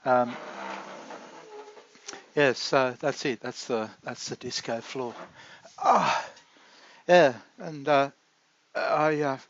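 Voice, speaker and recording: A man rambling in a halting, confessional video diary, full of restarts. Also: mid-range voice, no echo. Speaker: vlogger. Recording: dull lo-fi dry recording.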